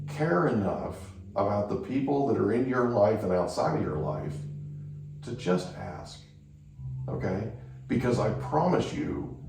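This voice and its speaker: A man's voice: lowish voice, darkish tone, heavy reverb, recorded from a distance, rough recording. A male podcast host telling anecdotes in a casual chat, often checking in with the listener by asking "right?".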